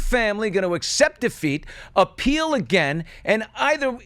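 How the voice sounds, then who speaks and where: Male talk host, New York born, high-ish, swinging pitch, pointed and opinionated. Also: normal speed, few pauses, dry recording, clean studio sound. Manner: animated, pointed, rhetorical questions. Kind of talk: opinionated talk show banter.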